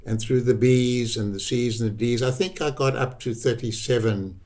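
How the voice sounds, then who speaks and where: A man's voice: medium pitch, normal speed, a little mellow. An older man with a South African accent, a guest telling a personal story in a reflective way and repeating words for emphasis. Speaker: interview guest.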